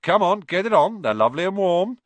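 A boisterous teenage prankster, played by a man reading a storybook. He is loud and cheeky, his voice swinging up and down. Recorded dry and close. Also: a little high, very animated, fast, husky, no room sound, pitched above the performer's own voice, heavily acted. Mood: teasing.

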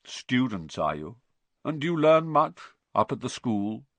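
A man voicing a solemn, cryptic male centaur with a deep, sorrowful voice, speaking slowly and gravely in a storybook reading. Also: big pitch swings, no echo. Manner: slow, grave, evasive.

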